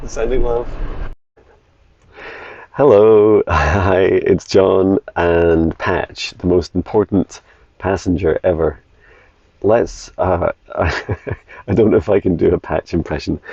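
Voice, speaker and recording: Man, deep husky voice, chatty musing vlog, campervan, dull phone sound. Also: mellow, no room sound. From Scotland. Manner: chatty, musing aloud, enthusiastic. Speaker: vlogger. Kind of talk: casual travel vlog. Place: inside a campervan while driving.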